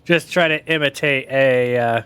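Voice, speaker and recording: A man's voice: mid-range voice, measured pace, a bit bright, clear, resonant tone, no echo. A man streaming a game, giving casual, self-mocking commentary as he thinks aloud.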